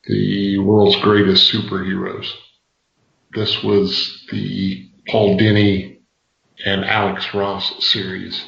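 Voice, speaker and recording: A man on a podcast giving a casual book review in a measured, halting way. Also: on the low side, gravelly, a bit bright. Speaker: podcast co-host. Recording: echoey, dull podcast audio.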